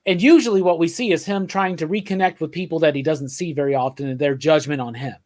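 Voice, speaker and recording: A man's voice: fairly high pitch, fast talker, a little mellow. A man co-hosting a podcast, chatting about comics with enthusiasm, rambling and restarting, often checking in with "right?". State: drinking beer while talking. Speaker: podcast co-host. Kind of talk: casual comics chat.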